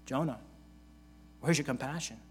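A man's voice: mid-range voice, normal speed, slightly rough. A male pastor preaching a sermon in an earnest manner, reading scripture aloud and repeating key phrases for emphasis.

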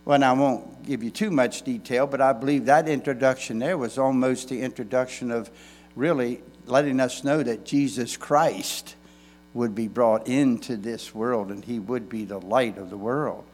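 A man's voice: medium pitch, normal speed, darkish tone. A man pastor preaching a sermon in a folksy way, with emphatic stresses and frequent restarts.

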